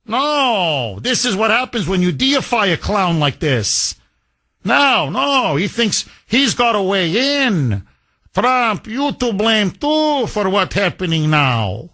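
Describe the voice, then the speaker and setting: Man, talk radio host, combative, scornful, high-pitched, studio mic. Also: fairly bright tone. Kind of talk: opinionated talk radio monologue.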